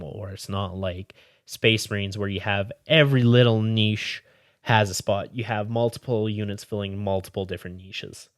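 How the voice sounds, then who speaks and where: A man hosting a casual podcast, talking in a somewhat low voice. He rambles in a relaxed, reassuring way and often restarts his sentences. The sound is dry, with no room echo. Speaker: podcast host. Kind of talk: casual chat.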